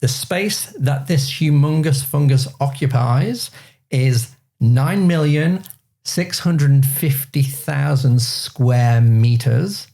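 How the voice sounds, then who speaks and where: A man's voice: mid-range voice, expressive, takes it slowly, mellow. A man hosting a casual panel chat, reading out facts and figures in an upbeat presenter's way. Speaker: quiz show host.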